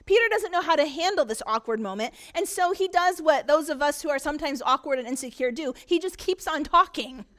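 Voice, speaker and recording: A woman pastor with a high voice, preaching in a church. She tells the story earnestly and often restarts her phrases as she goes. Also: lively intonation, brisk, few pauses, a bit bright. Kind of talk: sermon.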